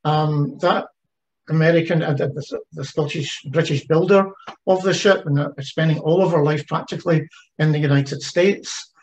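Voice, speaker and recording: A man's voice: on the high side, fairly even intonation, normal speed, a little mellow, dull audio. A man giving an online presentation about a heritage ship project, talking conversationally with frequent fillers and restarts. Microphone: video call.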